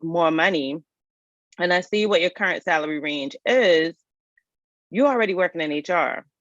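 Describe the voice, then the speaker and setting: A woman's voice: fairly low pitch, no echo, muffled recording. A woman, hosting a live resume review in a casual, folksy, chatty way and talking straight to her viewers. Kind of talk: casual livestream chat.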